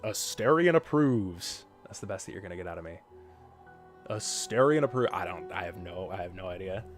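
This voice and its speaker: A man's voice: deep voice, flat delivery, very fast, soft background music. An American man streaming a game live, chatting casually and teasing his viewers in a loose, joking way that often trails off into fillers. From United States. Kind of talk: live-stream chat while gaming.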